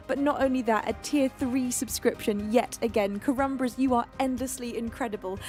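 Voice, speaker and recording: High-voiced gushing British-born woman streamer. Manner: gushing, affectionate, laughs often. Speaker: live-stream singer host. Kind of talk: casual chat reading out chat messages.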